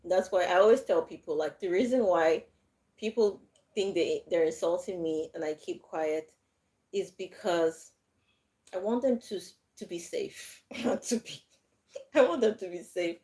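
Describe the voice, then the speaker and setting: A woman's voice: fairly low pitch, a little slow, dark tone. A woman hosting a livestream, chatting casually with viewers and laughing often between her words. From Nigeria. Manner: chatty, laughs often, frequent fillers and restarts. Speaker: livestream host. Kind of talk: casual live chat answering viewer comments.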